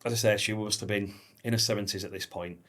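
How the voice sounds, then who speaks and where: A man hosting a podcast, chatting casually, swearing freely and telling stories with lively impressions of the people in them. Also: lowish voice, fast talker. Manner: animated storyteller, swears freely, acts out quotes. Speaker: podcast host. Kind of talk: casual chat.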